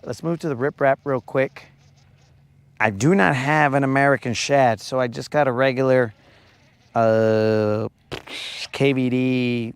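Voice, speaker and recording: A man's voice: medium pitch, clean tone. A man hosting a casual fishing vlog from a boat at night, joking around and talking to viewers like his bros. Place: outdoors on a boat at a lake at night.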